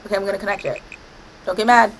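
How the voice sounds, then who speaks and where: A woman's voice: mid-range voice, steady tone, very fast, a little hiss or hum, rough recording. Chatty woman narrating her gameplay. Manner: chatty, scolds the game playfully, mock-dramatic outbursts. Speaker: gaming streamer. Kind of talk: casual gameplay commentary.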